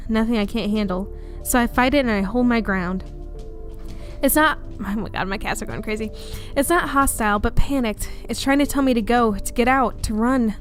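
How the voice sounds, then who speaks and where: A woman hosting a let's play at home, reading a story game aloud in a chatty, giggly, easily sidetracked way. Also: a little high. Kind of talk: casual narration and chat. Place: home room.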